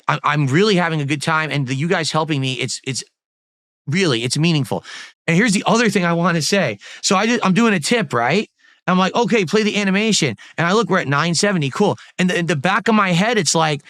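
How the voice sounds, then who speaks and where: A male streamer talks straight into a desk mic in a loose, rambling way, thanking his viewers over and over and swearing casually. His voice is bright and a little high for a man, and the sound is dry and close. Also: dry recording. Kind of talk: casual livestream chat.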